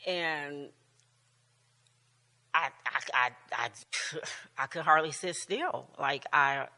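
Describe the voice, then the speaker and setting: A woman's voice: low-pitched, slow, bright, forceful tone, in a large hall. A woman in her sixties teaching a church class, chatting casually, laughing often and restarting her sentences. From United States. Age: 60s. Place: church room with long reverb.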